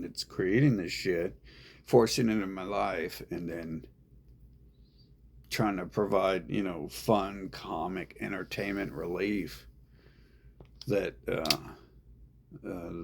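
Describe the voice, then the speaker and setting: A man's voice: low-pitched, gravelly, breathy edge. A man talking in a rambling, profane monologue, repeating himself as he goes. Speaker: vlogger.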